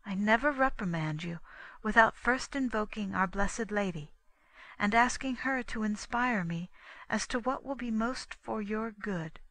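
A woman voicing a gentle, devout young nun in an audiobook, speaking softly and slowly with reverence. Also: medium pitch, no echo, poor audio. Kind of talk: audiobook reading.

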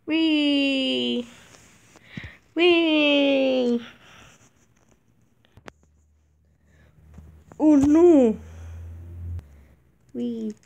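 A woman voicing an excitable young male toy tank engine in a toy play-acting video, talking in exclaims and panicky repeats. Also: high voice, drawn-out words, gravelly, heavily acted. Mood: gleeful.

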